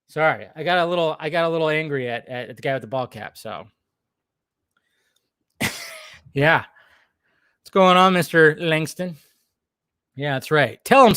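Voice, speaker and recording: Man, young adult, livestream host, casual rambling chat, profane, jokey, slightly high voice, dry close sound. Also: pushed and bright, no room sound.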